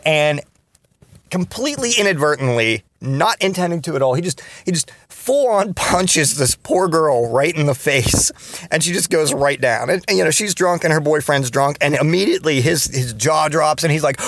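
A man's voice: a little high, fairly quick, fairly bright tone, no echo. A man in his thirties telling rambling, profane stories from his past in a casual podcast monologue, full of restarts and fillers. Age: 30s. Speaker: podcast host.

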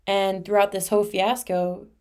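A young woman talks straight into her podcast mic in a loose, confessional flow. She is candid and emotional, sprinkling in casual swearing and filler words, and her pitch sits in an ordinary middle range for a woman. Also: flat delivery, normal speed, a little mellow. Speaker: podcast host.

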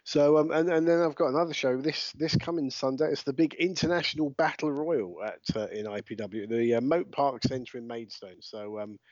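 A man's voice: medium pitch, normal speed, hardly any pauses, darkish tone, no echo, dull audio. A man hosting a wrestling podcast in a chatty, joking way, with lots of fillers and restarts. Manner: chatty, self-deprecating, many fillers and restarts. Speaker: podcast host. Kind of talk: casual podcast chat.

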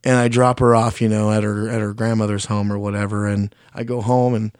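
A man's voice: lowish voice, flat delivery, brisk, darkish tone, clean tone, no room sound, clean studio sound. Blunt, profane man telling a story. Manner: blunt, profane, self-deprecating, restarts often; speaks his mind plainly. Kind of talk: casual spoken storytelling.

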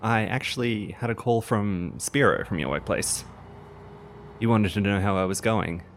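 A man with an Australian accent playing a worried mother who probes gently with soft, halting words. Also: lowish voice, slight background noise, close to an everyday voice. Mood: concerned. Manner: soft, measured, hesitant restarts. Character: worried middle-aged mother, gently probing.

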